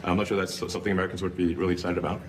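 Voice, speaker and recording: A man fielding reporters' questions at an office press event, talking in halting bursts with many fillers and restarts. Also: low voice, level tone, a little mellow, a little hiss or hum. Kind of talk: unscripted press remarks.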